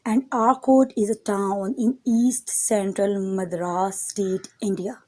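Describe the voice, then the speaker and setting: A woman teacher reads a history chapter aloud at an unhurried pace. She stops to explain difficult words and turns to her students now and then. Her delivery is steady and deliberate. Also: medium pitch. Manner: addresses her students directly. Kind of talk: textbook reading and explanation.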